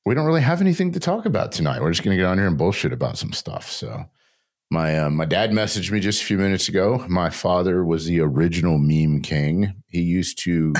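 A man's voice: low-pitched, a little mellow. An older man hosting a casual podcast, rambling and joking, barely stopping for breath. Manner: rambling, jokey, talks without pause. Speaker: podcast host.

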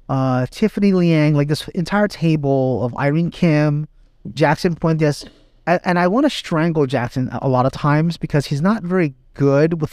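A man's voice: fairly high pitch, a little mellow, no echo, clean studio sound. A man teacher hosting a casual podcast chat, wry and blunt, swearing now and then.

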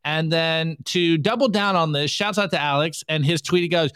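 Chatty male host with a smooth voice. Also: on the high side, fairly bright tone, no echo. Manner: chatty, reading memes aloud with quick asides. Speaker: show host. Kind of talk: casual livestream commentary.

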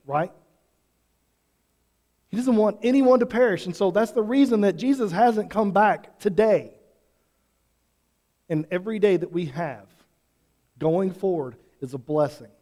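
A man's voice: high-pitched, warm tone. A pastor preaching an earnest sermon to his congregation, pressing them with repeated questions. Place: church sanctuary. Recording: long hall reverb.

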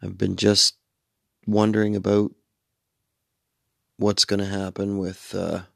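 A man's voice: fairly low pitch, flat delivery, slow pace, vocal fry, fairly bright tone, no echo, clean studio sound. A middle-aged man hosting a late-night radio show, tired and sleepy, rambling casually and swearing freely. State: sleepy, yawning.

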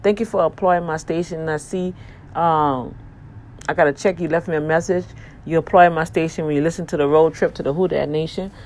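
Low-voiced woman radio host. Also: fairly even intonation, brisk, darkish tone. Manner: effusive, preachy, gospel-flavored exclamations. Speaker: online radio show host. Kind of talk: casual talk with listener shout-outs.

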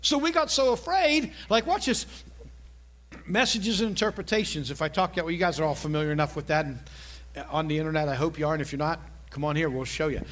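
A man's voice: on the high side, fast, fairly bright tone. A man delivers a sermon. He talks in a loose, conversational way, cracking jokes and asking the crowd if they follow along. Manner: conversational, jokey, asks the congregation questions. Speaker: preacher.

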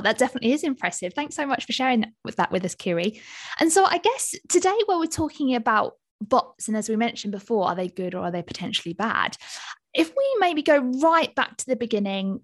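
A woman with a high, lively voice that rises and falls a lot, co-hosting a podcast. She asks questions in a bright, friendly way, and the pitch swings widely. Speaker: podcast co-host. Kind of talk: scripted podcast hosting and interviewing.

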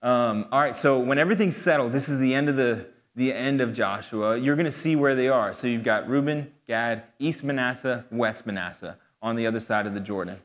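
Casual young-sounding preacher in a reverberant hall. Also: male voice, medium pitch, fairly quick, few pauses. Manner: casual conversational preaching with fillers. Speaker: pastor. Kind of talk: sermon. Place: church hall.

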